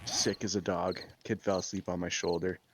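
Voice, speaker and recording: Rambling low-voiced man in his thirties. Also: flat delivery, normal speed, very noisy. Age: 30s. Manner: rambling, swears often, many "like" fillers. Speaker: gaming video host. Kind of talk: casual storytelling chat while gaming.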